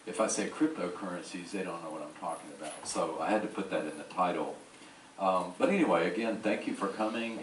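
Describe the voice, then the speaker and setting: A man from New Orleans with a Southern accent gives a slow, folksy lecture on a cruise ship and drops joking asides. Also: low voice, slight background noise. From New Orleans, Louisiana. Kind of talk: slide lecture to an audience. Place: large ship lecture hall. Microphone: far from the recording mic. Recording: echoey hall taped from far off.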